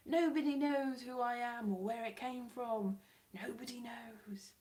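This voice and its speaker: A woman's voice: on the high side, normal speed, darkish tone. Chatty woman rambling on a livestream. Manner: chatty, rambling, self-mocking. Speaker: YouTuber. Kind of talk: casual livestream chat.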